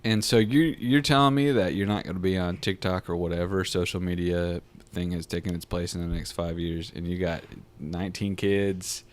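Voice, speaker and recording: A man's voice: deep voice, fairly even intonation, normal speed, few pauses. A man co-hosting a casual podcast, riffing and joking with friends, swearing casually. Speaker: podcast co-host. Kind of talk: casual chat.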